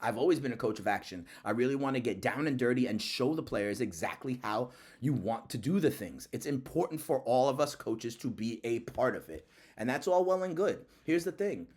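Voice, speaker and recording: A man's voice: mid-range voice, lively intonation, a little fast, darkish tone. A man hosting a sports channel, giving casual commentary in an emphatic, repetitive way.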